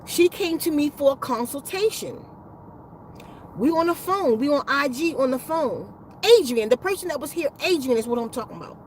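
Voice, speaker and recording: A woman who runs a spiritual healing channel tells a rambling, profane story during a casual livestream chat. Her voice is high-pitched and animated at normal speed, on a low-quality recording with a little hiss or hum.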